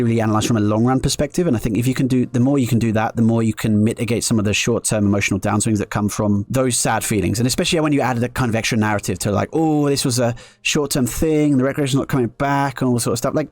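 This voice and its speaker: Racing along with few pauses, a mid-range, darkish male voice commentates his live poker game on stream, alternating strategy with sarcastic self-mockery. There's no echo.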